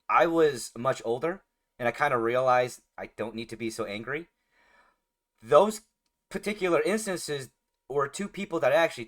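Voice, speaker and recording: A middle-aged man co-hosting a podcast, chatting casually and getting animated when excited. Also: medium pitch. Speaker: podcast co-host. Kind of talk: casual chat.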